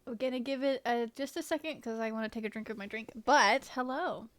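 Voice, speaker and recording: A woman's voice: fairly high pitch, brisk, fairly bright tone. A woman game streamer in casual live-stream chat, greeting viewers and swearing offhandedly.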